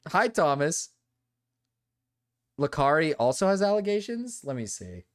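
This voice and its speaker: A young man streaming live, chatting casually and reacting defensively, moving between low mumbles and loud protests. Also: very animated, measured pace, pauses often.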